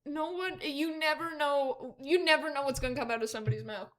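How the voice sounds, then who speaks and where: A young woman with a high voice trades loose, profane chatter on a casual podcast. She laughs easily and acts out stories with lots of energy. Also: brisk. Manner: swearing, giggly, animated storytelling. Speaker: podcast co-host. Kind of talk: casual chat.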